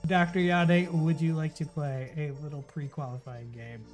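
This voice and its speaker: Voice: mid-range voice, little pitch movement, normal speed, faint music behind. A playful, theatrical host running comedic game show banter. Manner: playful, theatrical, lots of fillers.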